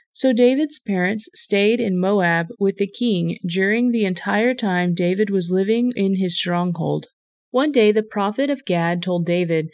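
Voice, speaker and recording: A woman reading a Bible passage aloud in a clear storytelling way. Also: medium pitch, unhurried, darkish tone, dry recording, studio quality. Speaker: scripture reader.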